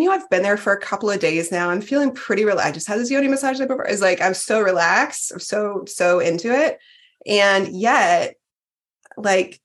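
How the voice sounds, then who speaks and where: A woman's voice: medium pitch, a bit bright. A woman in her forties, a podcast guest sharing her retreat experience in a candid, chatty way with lots of fillers and restarts. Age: 40s. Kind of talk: casual podcast chat.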